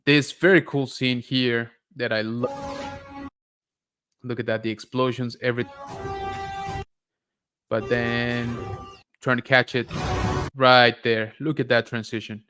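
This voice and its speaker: A man's voice: medium pitch, fairly even intonation, slow pace, long pauses, fairly bright tone, smooth, soft background music. A young man hosting a casual live-stream show breakdown, talking in a rambling, enthusiastic way with many fillers. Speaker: host.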